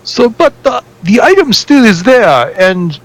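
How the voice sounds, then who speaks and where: A man's voice: very high-pitched, sing-song, measured pace, pitched above the performer's own voice, full character voice, rough recording. A man voicing a shady, nervous male fixer with a put-on foreign accent who keeps searching for words. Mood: rambling, evasive. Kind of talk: tabletop role-play character voice.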